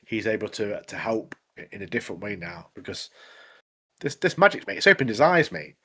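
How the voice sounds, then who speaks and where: A man's voice: lowish voice, very animated, brisk, sharp tone, slightly rough. A man co-hosting a podcast, recapping in rambling casual chat full of fillers. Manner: rambling recap, many fillers like obviously and mate. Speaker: podcast co-host.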